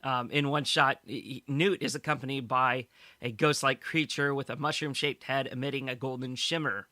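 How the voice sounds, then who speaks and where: Male podcast co-host, bright edgy tone, dry close mic, recaps the news with easy laughs. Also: mid-range voice, steady tone, moderate pace, dry recording. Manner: summarizes news stories, laughs easily. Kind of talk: casual podcast chat.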